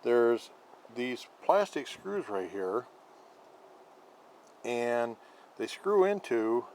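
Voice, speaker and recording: A man filming a casual how-to vlog about his scooter, rambling and halting with lots of fillers. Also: mid-range voice, a little hiss or hum, poor audio. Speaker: vlogger showing a scooter horn install.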